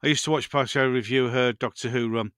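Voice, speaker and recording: A man's voice: medium pitch, steady tone, fast talker, fairly bright tone, clean tone, dry recording, clean studio sound. A man hosting a casual live stream, rambling through viewer comments and chatting to his pets.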